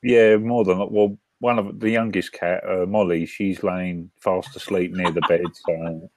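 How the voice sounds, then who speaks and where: A man with a British accent hosting a casual live-stream chat from his front room, talking in a halting way with restarts and fillers. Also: deep voice, steady tone. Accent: British English. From Britain. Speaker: host.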